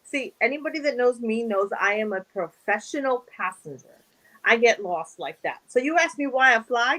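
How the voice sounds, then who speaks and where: On poor audio, a young woman guest actress in a casual interview tells animated stories at a moderate pace, her voice on the high side. She acts out the dialogue she quotes and laughs a lot.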